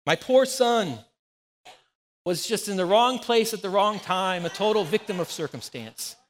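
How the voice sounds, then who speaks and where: Brief: pastor in his forties, high voice, chatty storytelling sermon. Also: measured pace, long reverb tail, slight background noise. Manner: conversational, anecdotal, animated storytelling.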